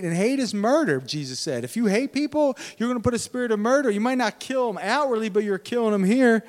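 A man preaches in a high voice, swinging between loud shouted exhortation and low, earnest teaching. He repeats his phrases and asks the congregation questions. His voice carries a long hall reverb. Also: very animated, fast talker, hardly any pauses. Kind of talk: sermon.

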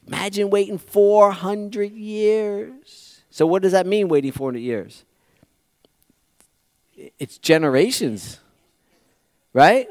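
A pastor preaching a conversational sermon, swinging from loud bursts to near-whispers. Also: male voice, sits high, slow, pauses often, no echo, studio quality. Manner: animated, conversational preaching with dramatic swings in volume.

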